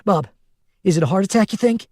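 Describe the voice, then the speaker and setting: A man voicing a desperate, foul-mouthed young woman who shouts and pleads in an audiobook. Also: sits high, expressive, fairly quick, dry recording, clean studio sound, voice pushed up. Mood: urgent, scared.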